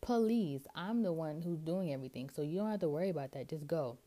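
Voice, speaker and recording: A woman's voice: sits low, animated, a little fast, dark tone. Woman voicing a blunt slangy God. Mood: emphatic. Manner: slangy, emphatic. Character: casual, blunt God speaking to a reluctant prophet.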